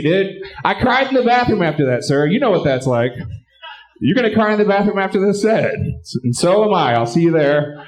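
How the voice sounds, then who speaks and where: A man doing a live stand-up set and hosting, bantering crudely with the crowd and shouting his punchlines. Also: on the high side, lively intonation, fairly quick. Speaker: stand-up comedian and show host. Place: live comedy club stage.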